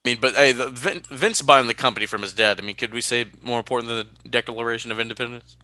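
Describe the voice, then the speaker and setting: A man from California co-hosting a casual podcast, animated and quick to laugh as he reads listener mail. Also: mid-range voice. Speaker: podcast co-host.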